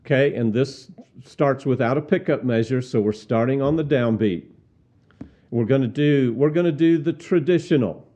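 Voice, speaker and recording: A man teaching how to lead a cappella hymn singing, speaking deliberately, repeating words and singing hymn lines as examples. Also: medium pitch, dark tone. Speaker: song leading instructor. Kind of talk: instructional demonstration with sung examples. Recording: slightly dull, muffled sound.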